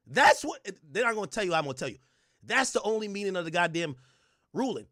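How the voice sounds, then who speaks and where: A man streaming live reaction commentary in a loud, joking, profane rant. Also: sits high, very animated, quick pace, dry recording, clean studio sound.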